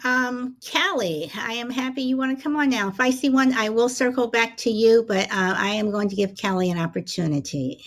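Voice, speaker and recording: A woman hosting a call-in talk, briskly bringing in callers. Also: a little high. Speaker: host.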